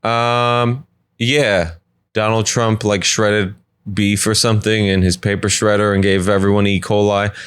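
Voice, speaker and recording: A man hosting a solo comedy podcast from his apartment, rambling from joke to joke with quick asides. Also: on the low side, little pitch movement, a bit bright, clear, resonant tone, no echo. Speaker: podcast host.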